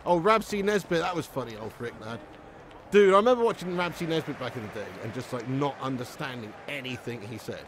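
A man's voice: medium pitch, lively intonation, fairly quick, background noise. A man live-streaming a football game, chatting loosely with his viewers, swearing and laughing often. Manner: swearing, laughing, rambling banter with chat. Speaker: streamer reading chat. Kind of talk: casual live-stream chat.

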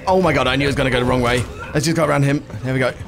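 A young man streaming a speedrun, chatting to viewers and reacting loudly to close calls. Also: medium pitch, very fast, vocal fry, a little hiss or hum. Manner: excitable, shouts and laughs at close calls, greets chat casually. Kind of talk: excitable live gameplay commentary. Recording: game music playing behind.

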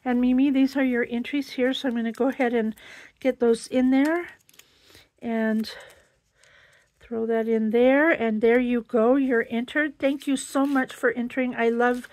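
A woman's voice: fairly high pitch, fairly even intonation, measured pace, darkish tone. A woman hosting a casual crafting vlog, chatting and gushing as she unboxes a handmade gift. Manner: gushing, chatty, exclaims over each item. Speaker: crafting channel host.

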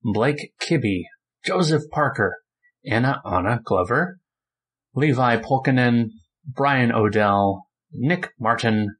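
A man hosting a podcast, chatting in a relaxed, rambling way with plenty of fillers. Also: mid-range voice, takes it slowly, breathy edge. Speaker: podcast host. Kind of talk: casual chat.

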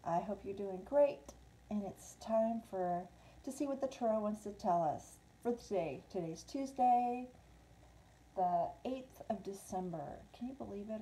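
Brief: woman, live tarot host, chatty, slightly high, soft mellow tone. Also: rough recording. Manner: chatty, switches between English and Spanish. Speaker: tarot reader. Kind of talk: casual live tarot reading. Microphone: small clip-on mic.

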